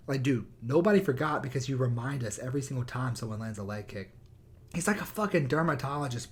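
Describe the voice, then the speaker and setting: A young male YouTuber rants on his new microphone, heated and sarcastic, swearing a lot. He talks at a quick pace with a medium-pitched voice.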